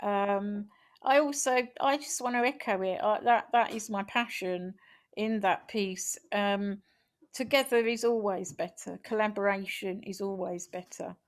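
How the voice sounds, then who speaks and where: Slow-paced woman reading a poem. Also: mid-range voice. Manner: slow, rhythmic recitation. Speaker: poet and activist. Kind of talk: poem reading then casual speech. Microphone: video call.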